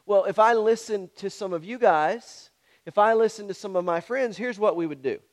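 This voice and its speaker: A man's voice: high voice, normal speed. A pastor preaching a sermon, speaking directly and challenging his congregation with repeated questions.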